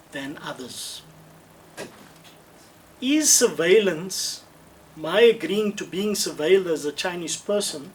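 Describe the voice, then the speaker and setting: A South African man with a higher voice answers questions in an online webinar Q&A, heard through a distant video-call mic with a little hiss or hum. He speaks in a measured, thoughtful way, often restarting and repeating himself for emphasis.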